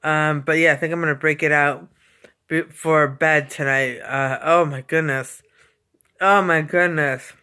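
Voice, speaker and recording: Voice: medium pitch, fairly even intonation, unhurried, bright, forceful tone, clear, resonant tone. A vlogger chatting casually from a home basement, rambling and repeating itself with lots of fillers and frequent yawns. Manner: yawning often. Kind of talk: casual rambling vlog chat.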